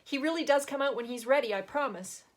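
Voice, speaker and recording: A woman's voice: on the high side, very animated, normal speed, voice pushed up. A woman voicing a nervous mother who talks in an eager, anxious, people-pleasing way. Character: nervous young mother keeping up appearances.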